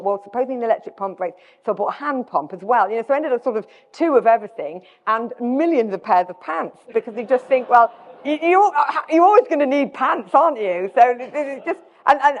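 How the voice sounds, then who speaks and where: A woman's voice: mid-range voice, darkish tone. A middle-aged British woman with a British accent, giving a self-deprecating live talk as a guest speaker, often restarting her sentences. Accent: British English. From Britain. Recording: dull sound with long hall reverb.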